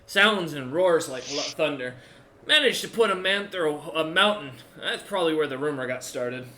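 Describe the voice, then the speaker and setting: A game master puts on a booming, gruff old dwarf warlord with a sharp, raised voice. He mocks and boasts while coughing up blood. The sound rings in an echoey room. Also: expressive, moderate pace, a little hiss or hum. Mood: boastful.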